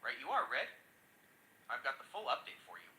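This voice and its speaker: Chirpy, bright synthetic male voice. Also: medium pitch, wildly swooping pitch, fairly quick. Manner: chirpy and eager to please. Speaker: AI chat assistant. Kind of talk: joke telling and news recap. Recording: echoey room with faint noise.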